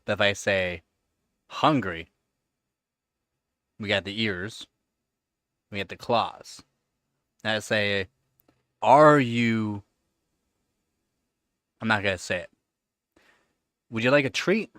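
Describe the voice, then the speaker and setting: A man hosting a casual live stream, answering chat questions and cooing at his pet in a high sing-song voice between relaxed remarks. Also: takes it slowly, long pauses, no echo, clean studio sound. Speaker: livestream host. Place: home computer setup.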